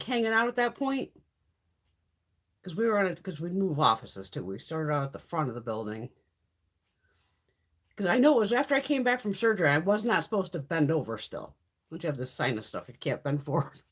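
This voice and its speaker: Middle-aged woman livestream host, husky, animated, foul-mouthed storyteller. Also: lowish voice, brisk. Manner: profane, blunt storytelling, reads chat comments. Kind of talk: casual live-stream chat.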